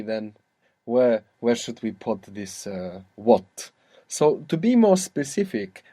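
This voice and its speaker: A man's voice: mid-range voice, a little mellow, breathy edge, dry recording. A man teaching a language lesson, who explains grammar patiently, step by step, and prompts his student with questions.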